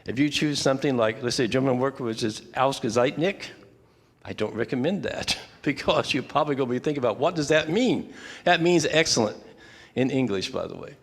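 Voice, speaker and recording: An older man teaching a prayer workshop in a relaxed, rambling way, full of side remarks. His medium-pitched voice carries a long reverb from the hall he speaks in. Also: a little fast. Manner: relaxed, conversational with asides and restarts. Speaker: workshop leader. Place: church fellowship hall.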